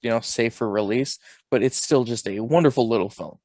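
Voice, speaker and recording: A man co-hosting a podcast in relaxed casual chat, giving film facts and opinions. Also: mid-range voice, brisk, no echo. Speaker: podcast co-host.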